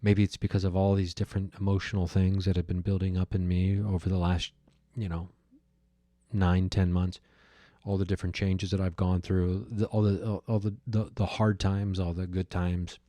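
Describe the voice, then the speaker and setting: A man's voice: deep voice, little pitch movement, normal speed, mellow, dry recording. A man hosting his own podcast, telling a personal story in a reflective, musing way with many fillers and restarts. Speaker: podcast host. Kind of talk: reflective solo monologue.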